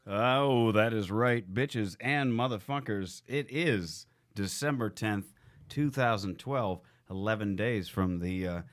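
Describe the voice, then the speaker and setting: A young man hosts a podcast in a low-pitched voice, swearing freely and spinning loose anecdotes. His talk is crude, relaxed comedic banter. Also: slow pace. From Phoenix. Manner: profane, storytelling. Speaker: podcast host.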